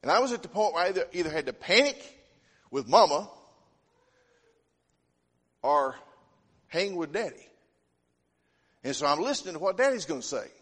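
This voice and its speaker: Folksy preacher, echoing hall. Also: male voice, a little high, sing-song, normal speed, long pauses, a bit bright, husky. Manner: folksy storytelling, homespun phrasing. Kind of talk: sermon. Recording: long hall reverb.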